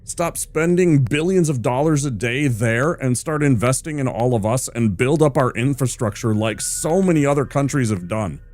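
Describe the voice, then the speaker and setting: A man's voice: medium pitch, lively intonation, normal speed, hardly any pauses, darkish tone. A male streamer ranting hard with heavy swearing while he plays a game. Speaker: gaming streamer.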